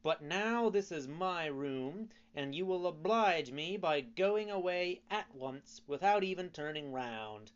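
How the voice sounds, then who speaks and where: A man's voice: a little high, animated, slow, hardly any pauses, clean tone, dull audio, pitched above the performer's own voice. A man voicing a rude, hot-tempered wooden puppet boy in a storybook reading, with a raised, brash voice. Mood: defiant.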